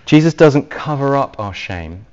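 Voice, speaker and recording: A man preaching an evangelistic sermon, speaking earnestly and gently as he leads into a quiet prayer. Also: mid-range voice, lively intonation, measured pace, smooth. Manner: earnest and gentle, softly paced appeals. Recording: dull lo-fi recording.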